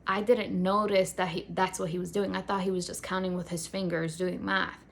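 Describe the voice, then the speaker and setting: A woman's voice: lowish voice, flat delivery, normal speed, vocal fry. Chatty young woman telling a story. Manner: conversational, many "like" fillers, acts out quotes. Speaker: faith vlogger. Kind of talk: casual storytelling vlog.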